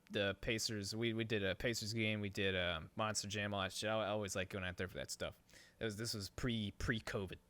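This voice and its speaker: A young man hosting a podcast tells a long, rambling story full of constant swearing, getting worked up and loud as his frustration builds. His mid-range voice is clear and resonant, with no echo.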